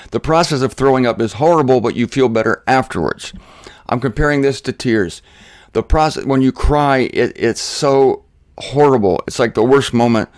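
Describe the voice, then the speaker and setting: An older man preaching a sermon, emotional and rambling, often restarting his sentences and swinging his pitch up and down. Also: no room sound, clean studio sound. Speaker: pastor.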